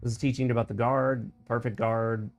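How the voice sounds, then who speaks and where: A male gaming streamer talks through his play session in a loose, chatty way. He explains mechanics and offers opinions at a medium pitch into a desk mic. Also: flat delivery, moderate pace, gravelly, faint music behind. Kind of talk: casual let's-play commentary.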